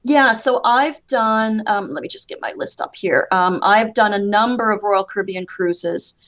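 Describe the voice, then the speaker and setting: Canadian woman, podcast guest, rambling storyteller, mid-pitched, casual. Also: normal speed, fairly bright tone.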